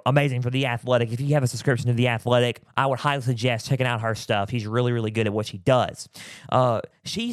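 A man talks college football in a loose, rambling way, circling back and filling gaps with "you know". His voice sits at an ordinary pitch and sounds close and dry, with a throat that keeps catching. He sometimes turns away from the mic. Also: no echo. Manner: rambling, repeats himself with many fillers. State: clearing a scratchy throat. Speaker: podcast host. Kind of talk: casual sports talk. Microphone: close mic, sometimes turning away.

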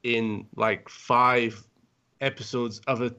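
A man's voice: medium pitch, steady tone, slow, sharp tone, clean tone, lo-fi sound. A man on a podcast panel, gushing and rambling with lots of filler words in casual chat.

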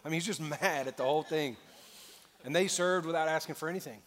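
A male pastor delivers an earnest storytelling sermon in a slightly raised voice that carries a long reverb through a large church auditorium. He builds from quiet narration to fervent exhortation. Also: on the high side, fast talker.

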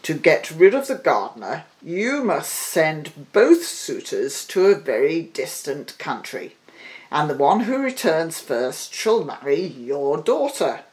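A woman's voice: low-pitched, big pitch swings, slow, darkish tone, exaggerated voice. A woman voicing the king's ministers giving scheming advice in a fairy tale.

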